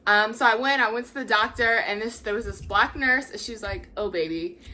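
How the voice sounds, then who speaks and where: Bright-voiced young woman telling a story. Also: a little high, fairly quick. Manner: chatty, laughs often, acts out quoted voices. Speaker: vlog host. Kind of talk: casual storytelling.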